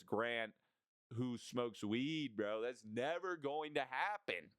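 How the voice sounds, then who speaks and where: A man's voice: medium pitch, very animated, moderate pace, smooth, no room sound. A young man vlogging in a rambling, mock-serious monologue, tossing in "bro" and "right?" as he goes. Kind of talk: casual rambling monologue to camera.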